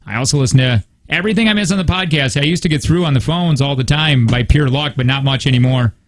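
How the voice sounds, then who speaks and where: A man's voice: on the high side, fast talker. A man co-hosting a radio show in a studio, chatting playfully and reading listener comments aloud. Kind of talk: casual radio banter.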